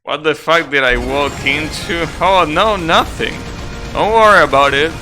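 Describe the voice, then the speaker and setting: Slow, rambling young male streamer over music. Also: on the high side. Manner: rambling, self-correcting, swears casually, laughs at own jokes. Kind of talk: casual live-stream chat with viewers.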